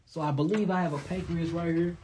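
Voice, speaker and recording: St louis guy w a lisp doing live q&a, kinda high voice, a bit husky, keeps saying y'all. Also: steady tone, brisk, mellow. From St. Louis, USA. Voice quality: lisp on s sounds. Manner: casual, addresses viewers as y'all and God. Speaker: herbal health host. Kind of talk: live Q&A reading viewer questions.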